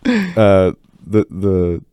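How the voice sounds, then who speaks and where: Deep-voiced, congested young man. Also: very animated, drawn-out words, mellow, smooth, dry recording. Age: young adult. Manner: easygoing, rambling storyteller. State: congested from a cold. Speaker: co-host. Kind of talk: casual chat. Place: college radio studio.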